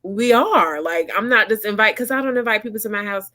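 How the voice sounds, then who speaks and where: A woman's voice: mid-range voice, lively intonation, a little fast, pushed and bright. A woman co-hosting a casual chat show, blunt and emphatic, often laughing. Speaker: podcast co-host.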